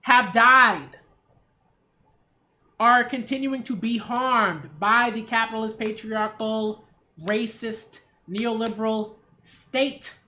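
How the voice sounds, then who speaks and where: A woman's voice: on the high side, fairly even intonation, takes it slowly, pushed and bright, slight background noise. A woman hosting her own channel, giving a casual opinion rant with emphatic, sarcastic delivery and frequent rhetorical "right?" check-ins. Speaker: culture critic and channel host.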